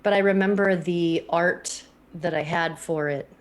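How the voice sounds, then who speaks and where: A woman chatting casually and playfully on a livestream with quick reactions. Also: fairly low pitch, fairly even intonation. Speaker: streamer guest.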